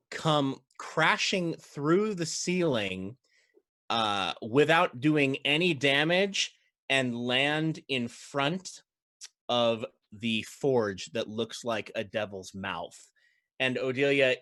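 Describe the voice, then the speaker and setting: Unhurried man running the game. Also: medium pitch, pushed and bright, no echo, studio quality. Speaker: dungeon master. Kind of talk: narrating a tabletop game.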